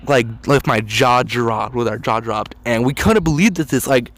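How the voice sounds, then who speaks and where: A teenage boy telling a story in a casual, rambling way, full of "like" and "dude". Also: medium pitch. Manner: rambling, heavy use of "like" and "dude". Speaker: storytelling vlogger.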